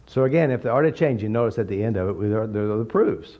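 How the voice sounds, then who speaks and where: A man giving an informal, blunt teaching talk full of jokes and animated stories. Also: on the low side, fast, hardly any pauses. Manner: blunt, joking, animated storytelling. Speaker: therapy method teacher. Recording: slightly dull recording.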